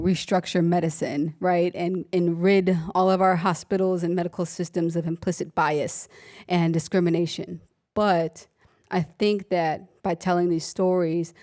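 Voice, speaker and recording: A young adult woman, an emergency room nurse and author, telling stories from her work in a conversational talk, acting out the people in them. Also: lowish voice. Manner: animated storytelling, voices her patients, laughs often.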